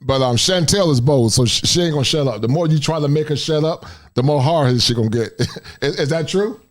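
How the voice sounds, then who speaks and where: A man's voice: a little high, animated, brisk. A man hosting a casual podcast conversation, agreeable and chuckling, often affirming his guests. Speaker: podcast host.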